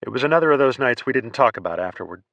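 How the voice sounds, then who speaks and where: A man narrating a first-person war memoir audiobook in a measured, plainspoken way. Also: medium pitch, expressive, a bit bright, no echo, highs cut off.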